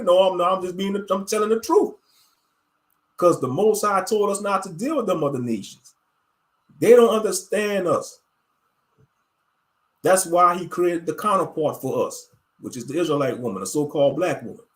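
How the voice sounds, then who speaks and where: Speaking at a normal pace with long pauses, a fairly high-pitched, animated man rants as an online show host. The monologue is profane, blunt, and emphatic, full of fillers.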